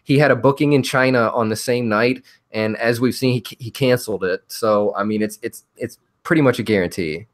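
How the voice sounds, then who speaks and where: A man hosting a relaxed podcast, calmly working through one item after another. He has an ordinary mid-pitched voice and speaks in a plain conversational way. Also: fairly quick, hardly any pauses. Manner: steady, walks through a list. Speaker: podcast host. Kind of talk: casual chat.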